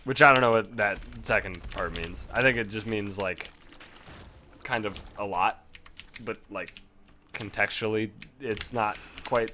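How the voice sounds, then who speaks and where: A man's voice: on the low side, pushed and bright, a little hiss or hum. A man casually rambling and swearing as he talks over his gameplay footage, poking fun at himself along the way. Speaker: gaming video host.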